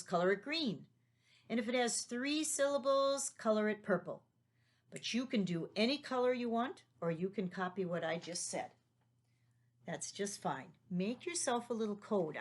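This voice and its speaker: A woman teaching a remote lesson to young children, patient and leading them along with tag questions. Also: medium pitch.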